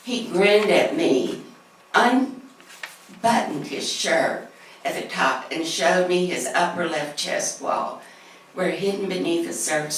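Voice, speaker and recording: Middle-aged woman, earnest measured reading, low voice, heavy echo, distant mic. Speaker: class speaker. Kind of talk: reading a personal story aloud. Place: church classroom. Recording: echoey room from far off, faint hiss.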